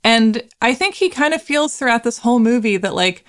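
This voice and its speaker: A woman co-hosting a casual film discussion, chatty and quick to laugh, slipping into mocking voices. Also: fairly high pitch, expressive. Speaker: podcast co-host.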